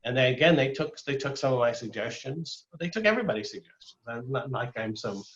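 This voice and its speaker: A man's voice: mid-range voice, moderate pace, fairly bright tone, muffled recording. An older man giving a casual illustrated talk as a guest speaker, rambling with many fillers and restarts. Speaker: guest speaker, former animator.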